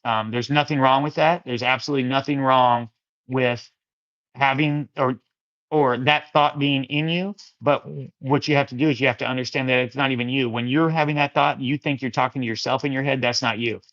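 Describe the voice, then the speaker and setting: A man hosts a casual Christian livestream chat, speaking fairly quickly with a medium-pitched, fairly bright voice and fairly even intonation. He rambles easygoingly through viewer comments and calls his listeners friends and brothers, all in dull lo-fi sound.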